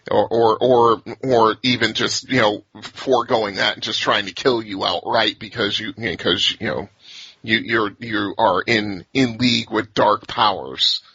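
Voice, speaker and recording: Male host, casual rambler, laughs a lot, bright and breathy, lo-fi dry recording. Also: on the low side, fairly even intonation, unhurried, no echo. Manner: laughs often, rambling with restarts. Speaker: podcast host. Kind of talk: casual chat.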